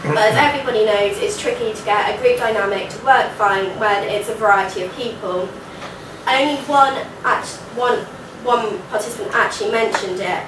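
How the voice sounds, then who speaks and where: A woman's voice: fairly high pitch, noisy background. Young woman presenter, nasal voice, earnest conference talk, miked from a distance in an echoey hall. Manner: earnest, informal fillers like "like" and "so". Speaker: student presenter. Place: university lecture hall. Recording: echoey hall recording from far off.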